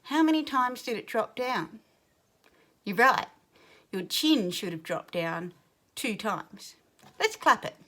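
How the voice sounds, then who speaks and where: A woman teacher giving a recorded lesson to young children, speaking clearly and patiently and sounding out words. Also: medium pitch, fairly bright tone.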